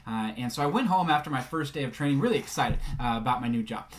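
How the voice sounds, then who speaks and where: A man's voice: medium pitch, expressive, fast. A man telling a personal story to a group, with frequent filler sounds and rambling asides. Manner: acts out quoted dialogue.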